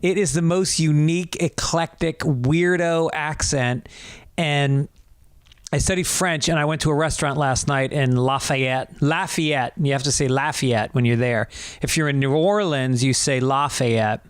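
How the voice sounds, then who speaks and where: Slow, smooth-voiced man telling a rambling story. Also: on the high side, no echo, clean studio sound. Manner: rambling, profane, animated anecdote telling. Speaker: podcast host. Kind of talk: casual storytelling monologue.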